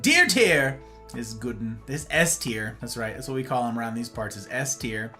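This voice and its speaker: A man livestreams with faint music in the background, greeting his chat one by one in a sing-song, fairly bright voice at normal speed. He's playful and theatrical, swinging between high exclamations and low murmurs.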